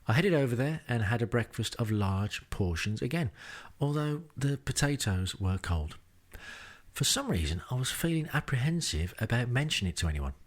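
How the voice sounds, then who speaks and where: This travel-diary podcast comes from an Englishman in a rented home, told drily with self-deprecating wry asides. He has a mid-range, sing-song voice at a normal pace.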